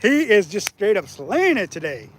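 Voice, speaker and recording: High-voiced man chatting while fishing. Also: normal speed. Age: 40s. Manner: laughs often, gets loud and excited when a fish bites. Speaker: fishing channel host. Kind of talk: casual live-stream chat while fishing. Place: outdoors by the water.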